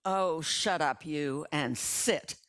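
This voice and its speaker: A woman voicing a stern, proper grandmother who gives sharp orders and soothes the babies, in a slow storytelling read. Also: low-pitched.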